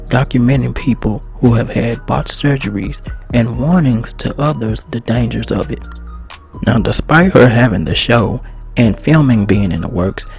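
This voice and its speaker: A man reading a scripted recap in an even, matter-of-fact way. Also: medium pitch, creaky. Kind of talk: scripted narration. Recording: narration over faint music.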